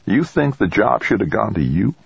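A man's voice: fairly low pitch, big pitch swings, moderate pace, creaky, slightly rough, no room sound, pitched above the performer's own voice, exaggerated voice. Man reading as a blunt bearded crewman. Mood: probing. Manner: plain-spoken, probing. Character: shaggy bearded male crewman, blunt and probing. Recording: dull dry lo-fi recording.

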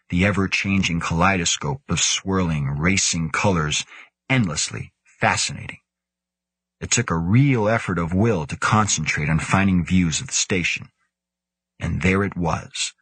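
A man narrating a science-fiction audiobook in a measured, steady way. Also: low-pitched, breathy edge, no echo. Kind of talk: scripted narration.

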